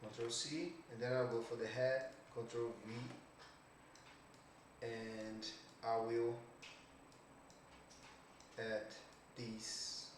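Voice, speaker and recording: A man giving a casual 3D art tutorial, thinking aloud slowly with many "okay"s and trailing phrases. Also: mid-range voice, level tone. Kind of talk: casual screen-recorded tutorial. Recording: echoey room, distant mic, faint hiss.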